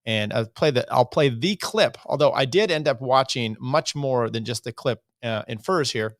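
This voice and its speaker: A man's voice: mid-range voice, moderate pace, no room sound, clean studio sound. A man hosting a podcast, giving casual, rambling commentary with a wry edge. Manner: rambling, many fillers and restarts, wry. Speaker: podcast host.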